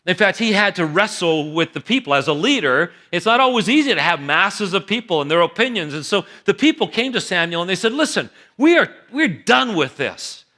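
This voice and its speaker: Animated male pastor with a high, bright voice, storytelling sermon in church. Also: fairly quick, few pauses. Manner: animated storytelling, acts out characters.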